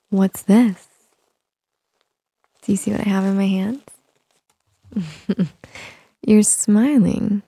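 A teasing, controlling young woman, played by a woman in an audio role-play, coaxing her listener with soft laughs. Her voice has a gravelly fry and a dark, mellow tone. The sound is close and dry, with no room around it. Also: medium pitch, very slow, long pauses, no echo, full character voice.

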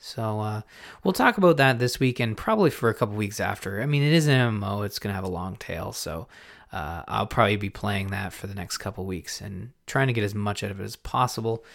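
A man hosting a gaming podcast in a casual, rambling way, often stopping himself mid-thought and getting excited. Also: on the low side, a little fast, gravelly. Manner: rambling, self-interrupting, excitable. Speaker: podcast host. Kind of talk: casual chat.

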